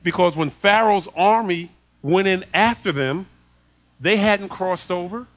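A man preaching a sermon in an animated way, laughing often and acting out quoted voices. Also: high-pitched, measured pace.

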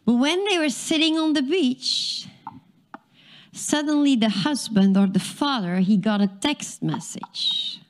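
A woman's voice: high voice, expressive, unhurried. A woman telling a dramatic story to an audience, drawing listeners in with questions.

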